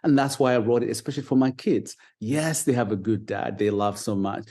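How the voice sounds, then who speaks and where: A man's voice: mid-range voice, brisk. Earnest man with a Ugandan British accent. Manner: earnest, animated, repeats words as he goes. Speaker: guest, foster dad. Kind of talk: casual interview talk.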